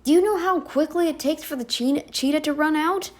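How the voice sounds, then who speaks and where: A woman's voice: high-pitched, brisk. A woman giving a casual reaction commentary, arguing emphatically back at a video she is watching. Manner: emphatic, argumentative, talks back to the clip.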